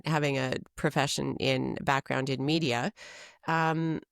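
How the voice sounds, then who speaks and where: A middle-aged woman co-hosting a podcast, chatting in a relaxed, agreeable and frank way. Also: rumbling low, a little slow, gravelly, smooth, no echo, clean studio sound. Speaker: podcast co-host. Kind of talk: casual chat.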